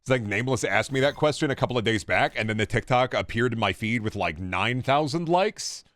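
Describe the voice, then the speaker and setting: A man's voice: mid-range voice, animated, fairly quick, a bit bright, dry recording, clean studio sound. A man streaming a game with casual, sarcastic joking commentary.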